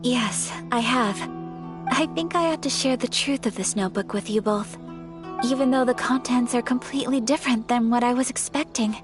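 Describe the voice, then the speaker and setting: A woman voicing a gentle, composed and polite young noblewoman in a video game, speaking in a soft, measured and formal way. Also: fairly high pitch, lightly acted. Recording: game audio with faint background music. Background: game music.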